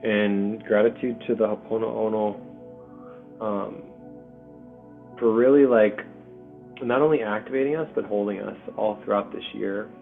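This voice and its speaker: A man hosting a spiritual community video call, speaking softly and hesitantly with many pauses and ums. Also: on the low side, steady tone, gravelly. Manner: soft-spoken, hesitant, full of pauses and ums. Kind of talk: heartfelt spiritual community talk. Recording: tinny call audio with faint music.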